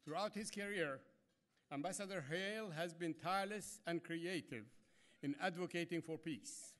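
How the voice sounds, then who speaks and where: A man, the president of an organization, giving a measured formal introduction of a speaker at a gala, with hesitant fillers. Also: a little high, a bit bright.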